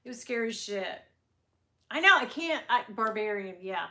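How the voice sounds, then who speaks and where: A middle-aged woman hosting a casual livestream, chatty and quick to swear and laugh. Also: on the high side, lively intonation, sharp tone. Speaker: livestream host.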